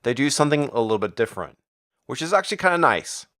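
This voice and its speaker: A man's voice: mid-range voice, sing-song, fast talker, a bit bright. A man recapping a comic book in a casual, crude, sarcastic way. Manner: profane, sarcastic, jumps into character voices.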